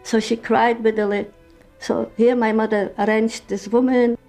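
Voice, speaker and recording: Older woman, halting testimony. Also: fairly high pitch, flat delivery, darkish tone, faint music behind. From Poland. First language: Yiddish. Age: 70s. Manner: halting, emotional storytelling with broken English. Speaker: interviewee. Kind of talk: personal testimony.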